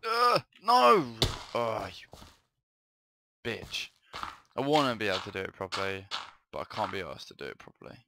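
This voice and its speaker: A man's voice: low voice, big pitch swings, fairly quick, creaky, pauses often, noisy background. A young man giving jumpy let's-play commentary on a horror map, swearing freely when startled. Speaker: gaming video host.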